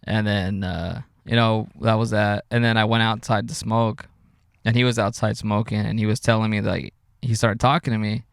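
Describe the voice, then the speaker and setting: A man's voice: on the low side, flat delivery, moderate pace, gravelly, clean tone, no room sound, clean studio sound. Laid-back young man swearing mid-story. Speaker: podcast co-host. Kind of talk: casual chat.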